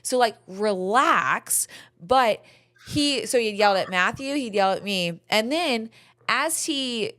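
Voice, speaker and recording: Middle-aged woman host, animated, blunt, swears casually, chatty podcast storyteller. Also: a little high, takes it slowly.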